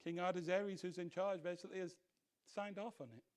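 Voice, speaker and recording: A man teaching a Bible study as pastor, animated, asking rhetorical questions and mimicking other voices. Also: high voice, fairly quick, clear, resonant tone. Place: church.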